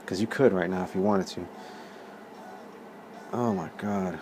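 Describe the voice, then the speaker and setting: A man's voice: deep voice, unhurried, noisy background. A man in his thirties telling a story in a rambling, casual way, with lots of swearing and laughter. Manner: profane, animated, laughs often. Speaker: vlog host.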